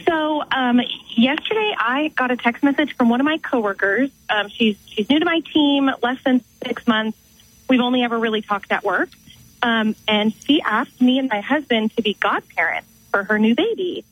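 A young woman phones in to a radio show, her voice fairly high and a bit breathy. She speaks casually and brightly, with ums along the way. Her voice comes through a dull, muffled phone line. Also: lively intonation, moderate pace, dry recording. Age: young adult. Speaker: caller.

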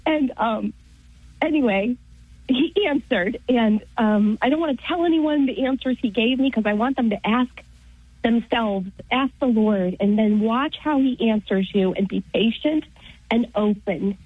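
A woman's voice: a little high, measured pace, husky, no echo. A woman caller on a radio show telling a personal story in an earnest, storytelling way. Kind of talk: phone-in testimony. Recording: dry, tinny phone line.

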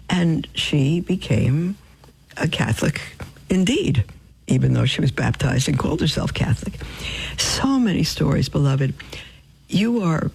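Husky, gravelly woman telling faith stories. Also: mid-range voice, measured pace, poor audio. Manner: animated storyteller who acts out quotes and drops to a whisper for emphasis. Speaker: radio guest asking for donations. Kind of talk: religious storytelling testimony.

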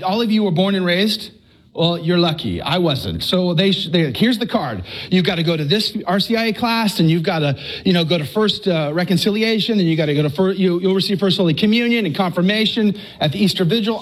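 A middle-aged man from Texas giving an earnest, animated personal testimony to a live audience, stammering and repeating himself. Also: sits high. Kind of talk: storytelling talk to a live audience.

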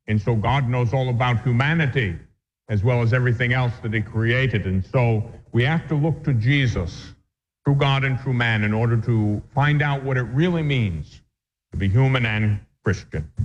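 A man, a priest, teaching a catechism class in an earnest, measured way, with homely examples. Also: mid-range voice. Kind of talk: spoken catechism lesson. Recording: muffled recording with long hall reverb.

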